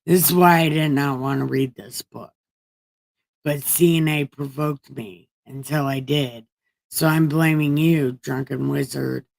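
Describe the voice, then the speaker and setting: A woman with a low, unhurried voice reads scripture on her livestream as irreverent casual chat. She swears freely and cracks wise between verses. The sound is close and dry. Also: fairly even intonation, creaky, a little mellow, dry recording. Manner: profane, wisecracking paraphrase. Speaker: livestream host. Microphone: home streaming setup.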